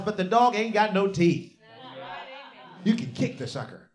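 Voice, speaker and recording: Very animated, a man preaches a story-driven sermon at a moderate pace with frequent pauses. His lines shift from low and quiet to loud, shouted bursts, and he leads the congregation in call-and-response.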